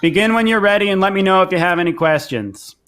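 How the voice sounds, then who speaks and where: Brief: bossy old schoolteacher lady, higher pitch, played by a man. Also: quick pace, fairly bright tone, soft background music. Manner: bossy, calling a class to order. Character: stern older female home ec teacher.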